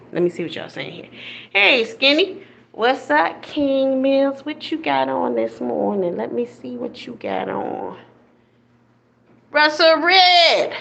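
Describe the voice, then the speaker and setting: A woman's voice: medium pitch, creaky, fairly bright tone, muffled recording, slight background noise. A middle-aged woman with a Southern American accent, raised up north, hosting a playful, sassy live-stream chat with her viewers through a phone held in her hand. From northern United States. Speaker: live-stream comedy host.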